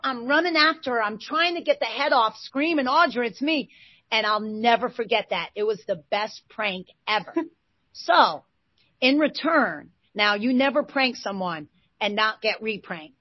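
Woman, 40s, animated storyteller; dry, slightly muffled recording. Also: a little high, no echo. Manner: lively, excitable retelling with bursts of loudness. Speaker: interview guest, former basketball player. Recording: dull, slightly lo-fi sound.

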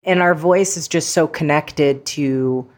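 A woman's voice: deep voice, slow. A woman author speaking as an interview guest, reflective and playful, with frequent fillers. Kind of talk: casual interview talk.

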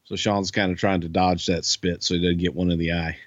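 A man's voice: low-pitched, level tone, a little fast, no room sound, highs cut off. A man co-hosting a casual podcast chat, blunt, swearing freely, with lots of fillers and restarts. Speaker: podcast co-host, wrestling insider.

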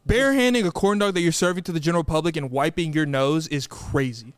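A man's voice: fairly high pitch, quick pace, clean tone, no echo. A man, co-hosting a podcast, retelling a story with exasperated jokes. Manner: joking, exasperated retelling with laughs. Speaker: podcast co-host. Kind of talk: casual storytelling chat.

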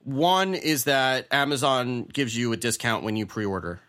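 A man's voice: mid-range voice, unhurried, a bit bright. A man co-hosting a casual podcast chat, reading out a listener question and answering in a chatty way with many restarts. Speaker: podcast co-host.

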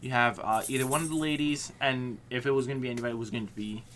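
A man chats casually as a podcast co-host, joking and ribbing the others. His voice is bright and forceful. A faint hum of ambience sits behind him. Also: medium pitch, steady tone, very fast. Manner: teasing, joking. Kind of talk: casual chat.

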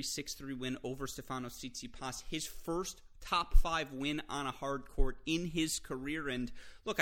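A man from the United States hosts a solo podcast by himself. His delivery is energetic and chatty, mid-pitched, and full of quick self-deprecating asides. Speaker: podcast host.

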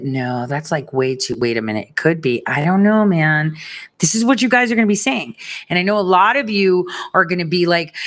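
A woman with a deep, low-set voice chats loosely straight to her audience. She rambles through fillers and restarts, with a teasing, giggly edge. It is a casual commentary monologue. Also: fairly bright tone. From United States. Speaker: political commentary host.

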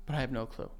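A young man co-hosting a casual podcast, riffing on absurd theories with deadpan, mock-serious confidence and needling his partner. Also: a little hiss or hum. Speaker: podcast co-host. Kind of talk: casual chat.

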